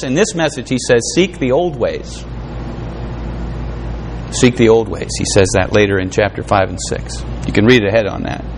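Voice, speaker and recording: A man's voice: on the low side, a little hiss or hum. A man preaching a sermon, reading scripture aloud with fervent, rising and falling emphasis. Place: room with an audience.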